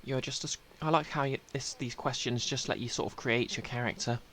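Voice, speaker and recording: A man's voice: medium pitch, fairly even intonation, fairly quick, fairly bright tone, a little hiss or hum. A man streaming a game, reading its text aloud with dry, self-mocking asides.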